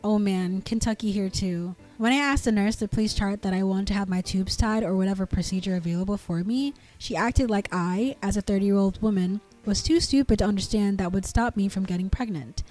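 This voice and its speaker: Indignant woman narrator, dark mellow voice. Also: medium pitch, brisk, hardly any pauses, soft background music. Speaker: narrator reading online posts. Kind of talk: scripted narration of forum comments.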